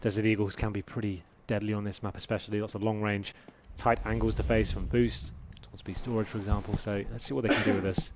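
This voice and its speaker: A man doing live play-by-play commentary on an esports match, building to excited shouts when the fighting starts. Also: fairly low pitch, quick pace, few pauses, very noisy.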